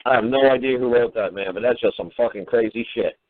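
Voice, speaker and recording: A man's voice: mid-range voice, quick pace, slight background noise. Man, radio host, profane, scolding, sarcastic, tinny phone-line sound. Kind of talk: heated call-in talk. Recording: phone-quality radio audio.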